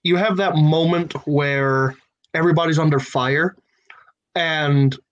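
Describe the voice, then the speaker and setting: Slightly high-voiced man pitching story ideas. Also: fairly even intonation, slow, dull audio. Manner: thinks aloud, lays out plot ideas step by step. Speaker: writer in a story brainstorm. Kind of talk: casual creative brainstorming.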